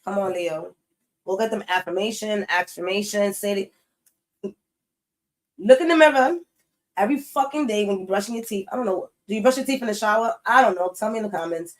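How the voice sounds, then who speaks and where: A woman's voice: medium pitch, a little fast, low-quality recording. Blunt, cussing woman reading tarot. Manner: blunt, swears freely, emphatic repetition; chatty, talks straight to viewers. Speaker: tarot reader. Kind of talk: casual tarot reading to camera.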